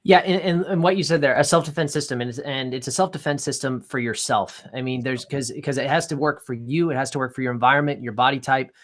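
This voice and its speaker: Male host, mid pitch, long winding questions, casual. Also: quick pace, few pauses. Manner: rambling, restarts questions, many fillers. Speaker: podcast host. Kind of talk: interview questions.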